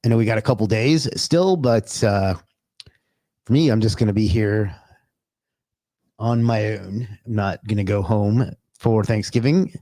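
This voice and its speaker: A man's voice: on the low side, measured pace, long pauses, mellow, no echo. A man hosting a casual livestream, greeting viewers by name and chatting loosely, with the odd curse. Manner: loose and chatty, swears, talks to himself. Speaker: livestream host.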